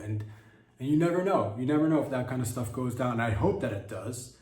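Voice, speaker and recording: A man's voice: medium pitch, fairly even intonation, fairly quick, a little mellow, reverberant, recorded from a distance. A man hosting a comedy podcast, riffing in a rambling, crude monologue with mock-innocent asides.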